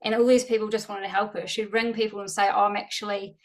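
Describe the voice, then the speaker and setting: A woman telling an emotional, excited story about a teammate on a video call. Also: medium pitch, quick pace. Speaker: team leader on a call.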